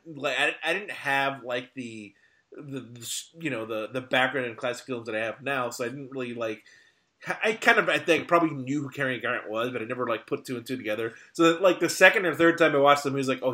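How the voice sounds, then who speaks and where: A man talks through an old film on a podcast in a loose, rambling way. His voice is bright and clear, and he trips over his words and laughs often as he goes. His pitch sits at an average height. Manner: rambling, halting restarts, frequent laughs. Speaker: podcast co-host. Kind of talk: casual film discussion.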